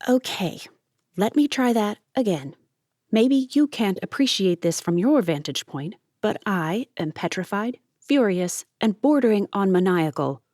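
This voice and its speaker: A woman reading an audiobook, voicing a frightened but defiant young woman who speaks in a sharp, raised, exasperated tone. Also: medium pitch, animated, unhurried, dry recording, studio quality, voice pushed up.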